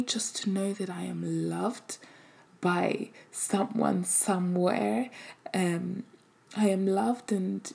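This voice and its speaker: A mother shares a personal faith testimony in a soft, medium-pitched voice with heavy vocal fry. She often drops into a breathy half-whisper and sounds hesitant, using many fillers.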